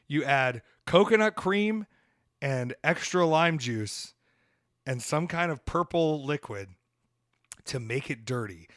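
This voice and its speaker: A man from the American South, hosting a podcast and telling a story in a loose, animated way, swearing now and then. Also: fairly high pitch, slow, no room sound, studio quality. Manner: animated, swearing, acts out voices in quotes. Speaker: podcast host. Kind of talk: casual storytelling.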